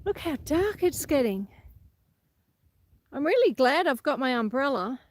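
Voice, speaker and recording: A woman's voice: sits high, sing-song, measured pace. A woman with an Australian accent hosts a live stream while walking through a paddock on her rural property. She chats in a rambling way, laughs often and answers comments from her viewers. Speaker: homestead vlogger hosting a live stream.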